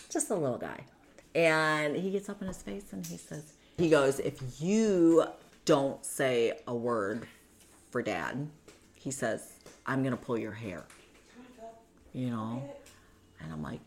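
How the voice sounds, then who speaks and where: A woman's voice: very deep voice, slight background noise. A woman telling her own story in an interview, in a conversational way, acting out what others said.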